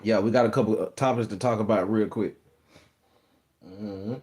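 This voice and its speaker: A man's voice: fairly low pitch, steady tone, moderate pace, a little mellow. A man hosting a live stream, chatting casually and repetitively with his viewers, teasing commenters and calling them "gang", recorded on a phone. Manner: loose, repetitive, addresses chat as "gang". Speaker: livestream host.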